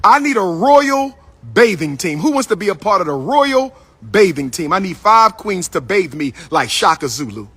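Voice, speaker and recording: Playful high-voiced man riffing on a livestream. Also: sing-song, normal speed, fairly bright tone, breathy edge, no echo. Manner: playful, repetitive, sing-song calling out to viewers. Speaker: livestream host. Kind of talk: casual livestream talk to viewers. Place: indoors at his school building.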